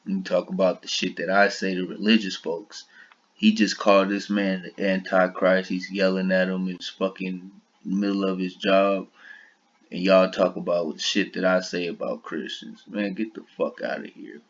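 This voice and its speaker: A man's voice: sits low, steady tone, normal speed, dull audio. A man giving blunt, combative reaction commentary, swearing heavily as he talks. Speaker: online commentator.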